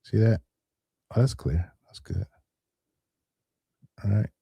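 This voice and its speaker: A man's voice: on the low side, slow, creaky, breathy edge, no room sound. A man hosting a call-in livestream, casually retelling an exchange of text messages to his viewers. He keeps asking them to agree and acts out each quote. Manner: animated, acts out quoted texts; talks straight to viewers, asks for agreement. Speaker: call-in show host.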